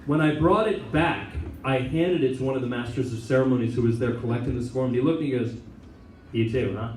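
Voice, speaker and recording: An American man, a Catholic priest and chaplain, giving an informal talk to a student group and telling stories with lively asides. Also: medium pitch, fast, slight background noise. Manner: animated storytelling with many asides and laughs. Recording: echoey room, mic at a distance.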